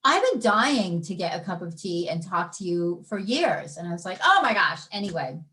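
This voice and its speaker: A middle-aged woman, a life coach guest on a podcast, telling personal stories in a lively conversational way and acting out her inner voices. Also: lowish voice, normal speed. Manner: animated storyteller, acts out inner voices. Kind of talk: conversational interview.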